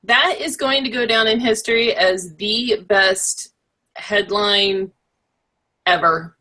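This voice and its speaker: A woman co-hosting a casual chat, wry with deadpan asides and trailing restarts. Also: mid-range voice, takes it slowly. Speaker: co-host.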